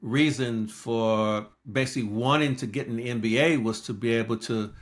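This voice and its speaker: This Los Angeles man, in his sixties, is a guest in an interview who recounts his story and performs the quoted lines. His pitch is medium and his speed normal.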